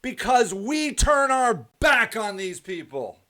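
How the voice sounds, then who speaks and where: A man hosting his own live stream, delivering a heated, repetitive monologue that drifts into soft rambling. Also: very high-pitched, sing-song, takes it slowly. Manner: preachy, repetitive, ranting then softly rambling. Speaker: host of a live stream show.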